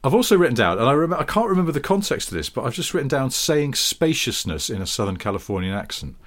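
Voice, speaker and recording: A man in his thirties from England, co-hosting a casual chat and joking playfully, now and then jumping into high squeaky voices. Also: fast. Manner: playful, jokey, animated with sudden high put-on squeals. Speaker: podcast co-host.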